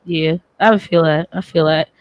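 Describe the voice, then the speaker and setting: A podcast host chatting casually, chiming in with quick, teasing remarks. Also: medium pitch, steady tone, no room sound. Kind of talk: casual chat.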